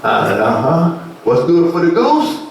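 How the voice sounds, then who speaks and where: A male pastor preaching a sermon, asking the congregation questions and rising to shouted peaks. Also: a little high, huge pitch swings, a little slow, gravelly. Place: church sanctuary. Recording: echoey church sound from far off.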